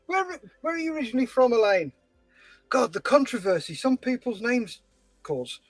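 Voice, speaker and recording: A man hosting a scale-modelling livestream, chatting casually and telling stories with animated voices. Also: very high voice, moderate pace, no room sound, faint music behind, low-quality recording. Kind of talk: casual chat while building a model.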